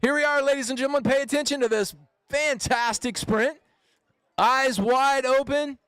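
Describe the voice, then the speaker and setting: A man calling a street bike race live outdoors, excited and playful, cheering the riders on. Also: very high voice, fairly quick, dry recording, studio quality. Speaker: race announcer.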